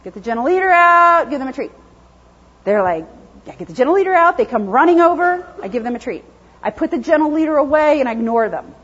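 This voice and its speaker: High-voiced female dog trainer, lively classroom lecture, dull lo-fi recording. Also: quick pace. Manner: lively, chatty, acts out dogs' thoughts in silly voices.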